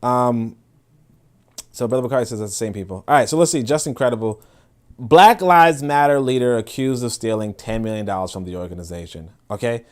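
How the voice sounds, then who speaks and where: A man hosting a podcast livestream, reading comments and reacting in casual, animated commentary with swearing and repeated words. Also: medium pitch, brisk. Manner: animated, profane, repeats himself. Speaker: podcast host.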